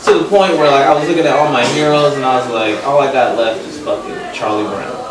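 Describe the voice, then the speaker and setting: A young man from Los Angeles doing a stand-up comedy set, loud on punchlines and dropping low for asides. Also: fast. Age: young adult. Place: comedy club stage. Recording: echoey live room, mic far off, crowd laughter.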